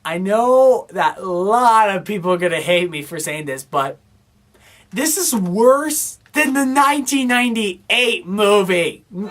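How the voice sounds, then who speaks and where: A woman's voice: fairly high pitch, animated, moderate pace, a faint crowd, a little hiss or hum. A woman giving a casual, exasperated movie review, rambling and full of fillers as she complains. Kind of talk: casual film review rant.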